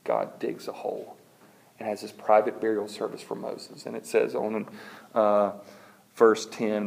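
A man preaching a sermon, telling a scripture story with humor and animated delivery and reading verses aloud. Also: on the low side, measured pace, creaky. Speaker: pastor.

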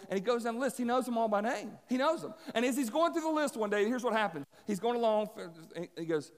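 Male preacher, high voice, dramatic storytelling, swings loud to hushed, long hall reverb. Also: expressive, fast talker, hardly any pauses. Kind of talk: sermon storytelling.

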